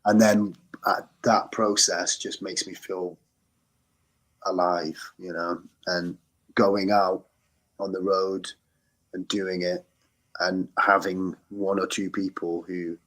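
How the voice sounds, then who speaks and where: A man's voice: deep voice, flat delivery, slow, fairly bright tone. An English man in his thirties, a musician guest talking earnestly and rambling with many restarts in a casual podcast interview. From England. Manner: rambling, self-correcting, earnest.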